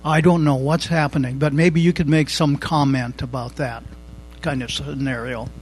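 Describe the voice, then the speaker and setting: A man's voice: mid-range voice, steady tone, normal speed, faint music behind, low-quality recording. A man calling in to tell an earnest personal story about his brother and ask for advice. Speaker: caller asking a question.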